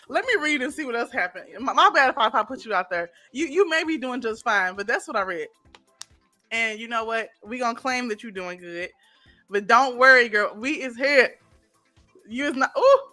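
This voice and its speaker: Bright-voiced St. Louis woman, live streaming. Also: fairly high pitch, lively intonation, moderate pace, faint music behind. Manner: emotional, talks to viewers directly, reads comments aloud. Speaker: YouTuber hosting a live stream. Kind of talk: casual live-stream chat.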